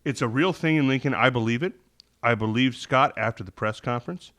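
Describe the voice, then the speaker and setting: Medium in pitch and fairly bright, this man speaks a little fast. He's co-hosting a casual sports conversation with the hiccups, analyzing games thoughtfully but wandering and walking back his own statements.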